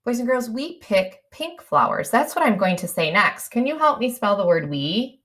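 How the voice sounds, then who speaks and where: With a fairly high, fairly bright voice, a woman teacher speaks at normal speed and is very animated. She stretches words into sounds in a sing-song way as she models story writing for young children and gets them to spell along in an early-grade lesson.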